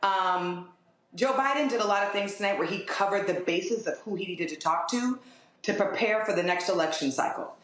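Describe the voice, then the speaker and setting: A woman's voice: medium pitch, normal speed, fairly bright tone, heavy reverb. A young adult woman panelist and activist giving passionate, emphatic live political commentary, sometimes mocking what she quotes. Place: outdoors in a city.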